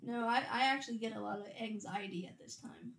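A woman's voice: fairly high pitch, a little fast, vocal fry, fairly bright tone, roomy sound. A woman in her thirties chatting candidly about motherhood, her voice raw and on the verge of tears, swearing freely and trailing off her sentences. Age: 30s. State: voice raw from holding back tears. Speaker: podcast guest, mother of young girls. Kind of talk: casual chat.

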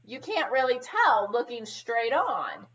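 A woman's voice: fairly high pitch, takes it slowly, highs cut off. A woman in her thirties, a podcast co-host, chatting casually and telling stories with lots of swearing. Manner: profane, animated storyteller. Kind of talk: casual chat.

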